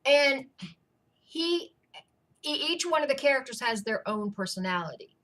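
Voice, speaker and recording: A woman's voice: high-pitched, lively intonation, unhurried, long pauses, a bit bright. A woman co-author in a casual Q&A chat, telling stories in a chatty, amused way. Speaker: co-author answering reader questions.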